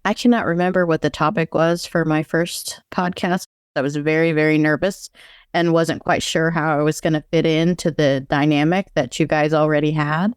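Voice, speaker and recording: A woman co-hosting a podcast, speaking sincerely and gently about personal things. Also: sits low, fairly even intonation, moderate pace, clear, resonant tone, no echo, clean studio sound. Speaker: podcast co-host. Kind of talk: casual podcast chat.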